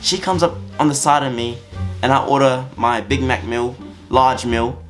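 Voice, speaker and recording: A man tells a story-time anecdote to camera, animated and full of slang. His voice sits at an ordinary middle pitch, with faint music playing behind him. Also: normal speed. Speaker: vlogger.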